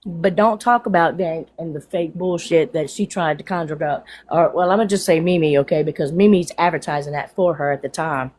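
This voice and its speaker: A woman's voice: low voice, brisk, hardly any pauses, darkish tone. A woman on a live stream call, blunt and indignant, swearing as she vents. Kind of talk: heated casual chat.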